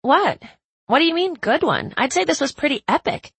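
A woman narrator puts on a bubbly, pushy woman friend who gushes with high, bright excitement. The voice is gravelly and husky, close and dry, and tumbles along with eager enthusiasm. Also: slow, dry recording, heavily acted. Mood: gushing.

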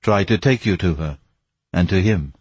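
A man voicing a grave, secretive Persian who speaks slowly and in a measured way. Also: sits low, darkish tone, breathy edge, no echo.

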